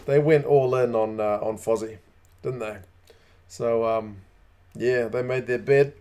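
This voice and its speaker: A man's voice: mid-range voice, steady tone, unhurried, mellow, clear, resonant tone. A man hosting a live rugby watch-along, chatting casually, rambling and greeting viewers by name. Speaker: rugby channel host.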